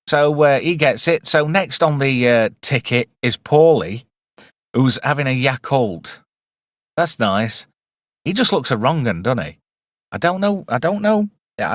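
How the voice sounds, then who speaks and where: A man's voice: mid-range voice, no echo. A man hosting a casual live film review stream, chatty and wry with rambling asides.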